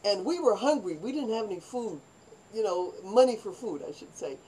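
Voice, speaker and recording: Older woman vlogger, rambling personal anecdotes told with lively acted-out quotes. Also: mid-range voice, moderate pace, slight background noise, poor audio. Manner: rambling, animated, acts out quoted voices. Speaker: vlogger telling her life story. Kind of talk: personal storytelling monologue.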